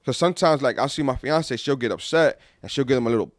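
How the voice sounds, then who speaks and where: A man's voice: medium pitch, quick pace, dry recording. Young guy rambling on a podcast, dead dry sound. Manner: rambling, repeats himself. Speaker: podcast co-host. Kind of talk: casual chat.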